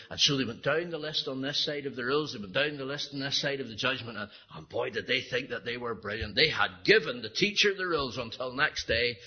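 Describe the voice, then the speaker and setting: A man's voice: mid-range voice, slightly rough, dull audio. A man preaching an evangelistic sermon, telling a story and then pleading earnestly with his listeners.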